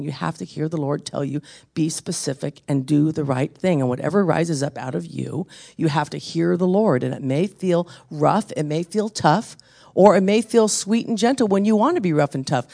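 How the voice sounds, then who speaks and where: Gravelly, intense preacher telling a testimony. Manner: intense storyteller, drops to hushed low tones then builds to forceful exhortation. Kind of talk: sermon with personal testimony.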